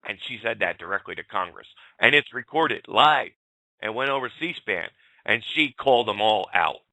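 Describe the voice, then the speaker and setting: A man with a gravelly voice hosts a talk show, blunt and fired up as he talks straight at his listeners. His voice is sharp and forceful, and the recording is very dry. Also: on the low side, animated, normal speed, no room sound. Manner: blunt, fired-up, swears and addresses folks directly. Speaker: radio show host. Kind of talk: casual talk radio rant.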